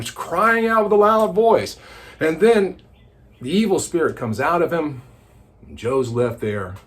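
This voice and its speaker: A man leads a devotional Bible teaching with lively, dramatic storytelling. His slightly high voice rises and falls a great deal as he paints the scene for listeners.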